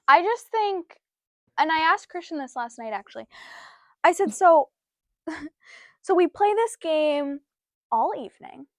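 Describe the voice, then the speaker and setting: A young woman co-hosting a casual podcast, animated, laughing often and swearing freely. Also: high voice, unhurried, long pauses, dry recording, studio quality. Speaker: podcast co-host. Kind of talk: casual chat.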